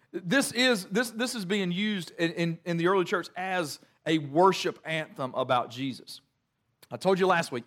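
Lively, chatty middle-aged pastor. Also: male voice, fairly high pitch. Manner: chatty storytelling, self-deprecating, animated. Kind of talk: sermon.

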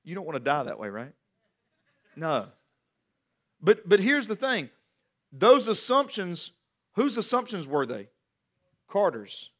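A man in his forties preaching a sermon as pastor, animated and repeating words as he builds each point. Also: high voice, takes it slowly, long pauses.

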